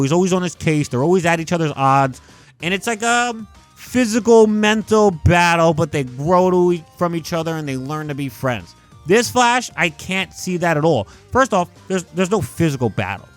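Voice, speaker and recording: A young man giving casual, animated commentary on film adaptations, leaning heavily on "like" and emphatic rants. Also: a little high. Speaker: YouTube movie commentator.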